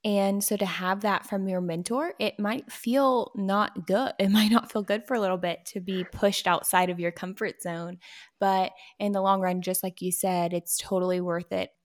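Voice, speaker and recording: A woman's voice: mid-range voice, fairly even intonation, moderate pace. A woman interviewer speaking encouragingly in a conversational interview. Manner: encouraging, frequent agreement.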